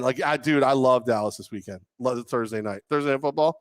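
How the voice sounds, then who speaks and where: Male sports talk co-host, mid-pitched, rambling and jokey, dry studio sound. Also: dry recording. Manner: joking, rambling, quick to tease. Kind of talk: casual sports talk banter. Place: radio studio. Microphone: headset.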